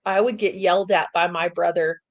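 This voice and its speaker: A woman's voice: fairly low pitch, fairly even intonation, no echo, dull audio. Quipping woman with a dry close sound. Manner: quick, laughing, quipping. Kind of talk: casual group chat.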